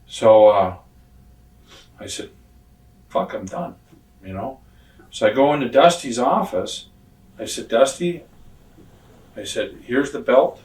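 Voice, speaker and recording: A man's voice: mid-range voice, lively intonation, slow pace, pauses often, darkish tone. A man in his sixties telling blunt, profane stories in a casual interview and acting out what other people said. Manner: blunt, profane, acts out quoted dialogue. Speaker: retired pro wrestler telling stories. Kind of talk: casual shoot interview storytelling. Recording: roomy sound from a distant mic.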